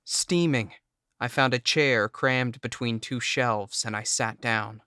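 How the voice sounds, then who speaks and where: A man's voice: mid-range voice, takes it slowly, bright, forceful tone, clean tone, no echo. A man reading a first-person audiobook in an intense, emotional way, close to the mic. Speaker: audiobook narrator. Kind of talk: scripted first-person narration.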